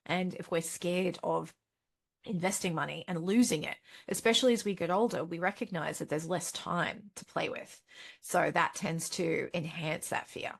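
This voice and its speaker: An Australian woman with a lowish, gravelly, slightly rough voice hosts a money webinar at normal speed. As a financial educator, she's chatty, frequently correcting herself and laughing softly, and keeps acting out what people think with abrupt leaps into a high pitch.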